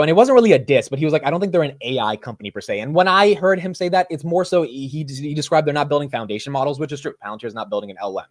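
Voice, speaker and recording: A young man hosting a finance livestream, excitedly rambling through a story in casual chat. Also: mid-range voice, no echo, clean studio sound. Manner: excitable, rambling storyteller, calls listeners bro.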